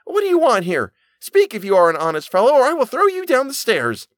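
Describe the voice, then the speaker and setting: A man's voice: high-pitched, sing-song, fairly quick, a bit bright, no room sound, clean studio sound, pitched above the performer's own voice. A man voicing a simple-minded, fearless young lad with an earnest, stammering way of talking. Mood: shouting.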